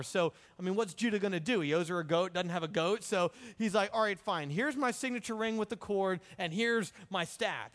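A man's voice: high voice, a bit bright. A man preaching a sermon, retelling a Bible story with jokes and acted-out lines. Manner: jokey, acts out the characters' lines. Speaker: pastor. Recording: hall reverb.

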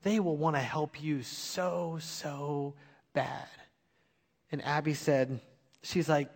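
A man's voice: on the high side, steady tone, slow pace, creaky, pauses often. Earnest man preaching in a reverberant hall. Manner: earnest, confessional, rising to emphatic exhortation. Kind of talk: personal storytelling sermon.

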